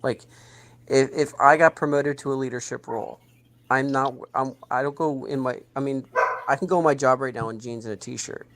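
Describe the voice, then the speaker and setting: A man in a casual podcast chat, telling a work story in a rambling, halting way with many restarts. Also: mid-range voice, steady tone, fairly bright tone.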